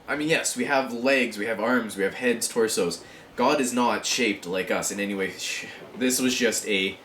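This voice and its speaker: A man talking casually in a rambling vlog monologue, with many fillers and frequent throat clearing. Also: medium pitch, fairly bright tone, roomy sound, a little hiss or hum. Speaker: vlogger.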